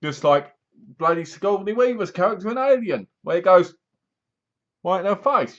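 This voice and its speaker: A man's voice: sits high, expressive, normal speed, a bit bright. A man with an English accent giving a casual, rambling movie review that sounds sarcastic. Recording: dull lo-fi recording.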